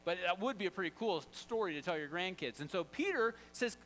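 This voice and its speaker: A pastor preaching a sermon, animated, swinging from loud to hushed and quizzing the congregation. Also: male voice, high voice, fairly quick, a little hiss or hum, rough recording.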